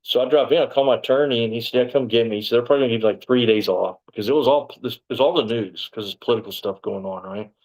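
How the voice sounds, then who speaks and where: A man's voice: medium pitch, rapid-fire, few pauses, low-quality recording. A middle-aged man, a former sheriff's deputy, recounting events in a casual interview, rambling and acting out the dialogue. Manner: rambling, animated retelling with quoted dialogue.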